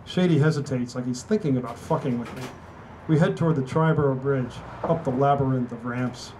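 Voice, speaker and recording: A man's voice: medium pitch, brisk, a little mellow, a little hiss or hum, poor audio. A man, an author, reading his novel aloud in a wry, conversational storytelling manner at a book party. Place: indoor venue at a book party.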